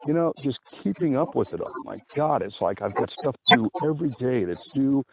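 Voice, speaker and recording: A man's voice: medium pitch, animated, brisk, creaky. A man voicing an overworked lawyer on a date, weary and complaining about his job. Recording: tinny phone-like sound, faint hiss.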